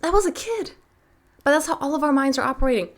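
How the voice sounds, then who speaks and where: A woman's voice: high-pitched, animated, fast. A woman in her thirties, a self-help coach giving a motivational talk to camera, emphatic and full of rhetorical questions.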